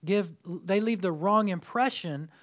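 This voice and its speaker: A man preaching a sermon to a congregation, conversational and jokey, telling stories with lively energy. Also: high voice, a little slow. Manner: conversational, jokey, animated storytelling. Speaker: pastor. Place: church sanctuary with congregation.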